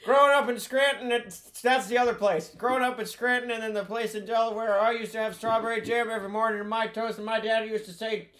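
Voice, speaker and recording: A man doing a comedic impression of an elderly male politician, who rambles folksily with halting restarts. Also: sits high, steady tone, a bit bright. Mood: rambling. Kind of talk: improvised comedy sketch.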